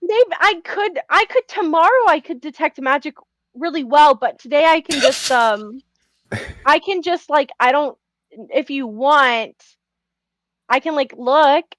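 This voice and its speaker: A woman's voice: high-pitched, big pitch swings, takes it slowly, a bit bright, no echo, pitched above the performer's own voice, exaggerated voice. A woman voicing an awkward female warrior in a mourning veil, who stammers and gets flustered.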